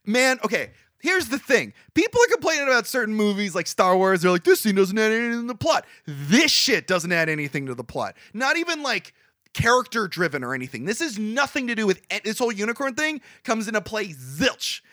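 A man co-hosting a podcast, ranting in casual movie review chat, exasperated and swearing, with quick voiced impressions. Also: sits high, sing-song, bright, forceful tone, no echo, studio quality. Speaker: podcast co-host.

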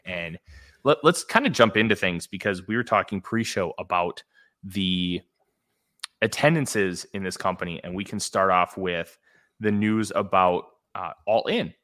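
A man hosting a podcast, speaking in an earnest, halting way with frequent restarts. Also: deep voice, fairly bright tone. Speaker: podcast host. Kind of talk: casual podcast chat.

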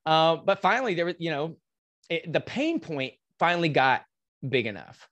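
Man, podcast guest, energetic motivational storyteller, casual and blunt. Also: a little high, normal speed, dull audio. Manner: animated, casual, swears, mimics voices in anecdotes.

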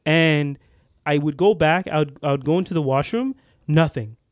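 At a moderate pace, a young man with a slightly high voice co-hosts a podcast in clean, echo-free studio sound. His casual story rambles, starting over often and leaning on fillers.

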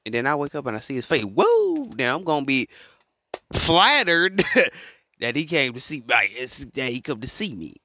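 A man's voice: medium pitch, animated, normal speed, sharp tone. A man telling a story in a casual monologue, rambling and repeating himself as he goes. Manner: rambling and repetitive, restarts a lot. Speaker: vlogger.

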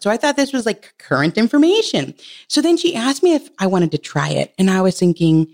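Speaking fast in a sing-song, slightly mellow voice, this thirtysomething woman is a guest on a podcast. Her story is personal and sincere, told conversationally, with frequent laughter and sudden rises in pitch when she repeats her own words.

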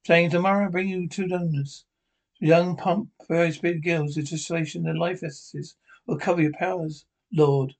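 A man's voice: a little high, steady tone, moderate pace. A man reading a servile scheming stage magician. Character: scheming stage magician, male servant of a villain.

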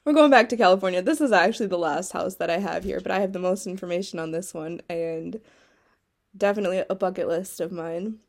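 A young woman co-hosting a podcast, telling a story in a casual chat, excitable and quick to giggle. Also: on the low side, vocal fry. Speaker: podcast co-host.

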